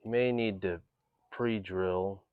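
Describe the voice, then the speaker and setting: A man with a slightly low voice walks through a home repair job step by step. He talks in a plain, casual way as he works with his hands and speaks to viewers like a friendly host. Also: fairly even intonation, takes it slowly, narrow, tinny audio, heavy background noise. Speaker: DIY video host. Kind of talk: casual step-by-step how-to tutorial.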